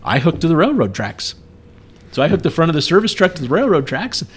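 A man's voice: on the high side, brisk, husky. Middle-aged man telling a wild story. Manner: animated, acts out yelled quotes. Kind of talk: casual storytelling chat.

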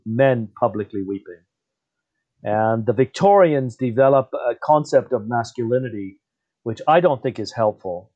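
A thoughtful man talking through history in an unhurried, conversational way, now and then pausing to correct his own phrasing. His voice sits at an everyday middle pitch, and the recording sounds a bit dull and muffled. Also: darkish tone. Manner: thoughtful, self-correcting, wide-ranging pitch. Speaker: historian guest. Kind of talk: conversational explanation. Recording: slightly dull muffled audio.

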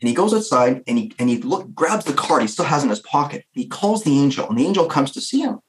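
A man telling a story in casual chat, animated, with frequent fillers. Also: fairly high pitch, fast talker, low-quality recording.

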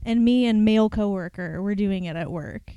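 A woman's voice: mid-range voice, normal speed, mellow, clear, resonant tone, no room sound, dull audio. A woman from Ohio co-hosting a podcast, telling playful stories and wandering off on tangents. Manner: playful, tangent-prone storyteller. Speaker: podcast co-host. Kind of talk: casual podcast chat.

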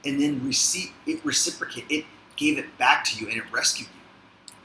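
Reflective podcast host, bright voice. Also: male voice, mid-range voice, moderate pace. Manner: reflective, encouraging. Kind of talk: casual interview. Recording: echoey room, faint noise.

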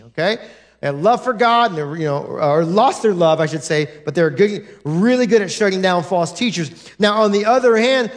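A male pastor preaching a sermon in a church, emphatic and direct, often stopping to say "listen" and check "right?" with the congregation. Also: sits high. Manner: emphatic, drives points home with repeated "listen" and "right?". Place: church sanctuary.

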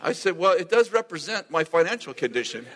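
A man preaching a sermon as a lively storyteller who acts out the dialogue and laughs often. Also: on the high side, fairly quick, a little hiss or hum. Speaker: pastor. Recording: long hall reverb.

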